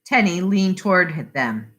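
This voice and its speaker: Slow, expressive woman reading a story. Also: lowish voice. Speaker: reader. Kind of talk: reading a short story aloud.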